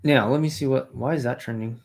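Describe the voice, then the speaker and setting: Speaking a little fast at medium pitch with vocal fry, a man rambles profanely on a casual live stream, reading his chat aloud and responding to it.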